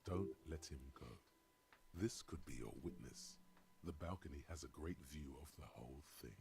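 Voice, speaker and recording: An actor voicing a brooding male inner narrator in a game, with a deep gravelly voice and a wry, measured delivery. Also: darkish tone, a little hiss or hum. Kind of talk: scripted narration.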